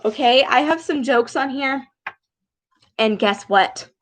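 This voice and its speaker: A young woman leading a speech lesson for children, animated and exaggerated, with frequent gasps and slow, deliberate words. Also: high voice, poor audio. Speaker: speech therapist reading with children.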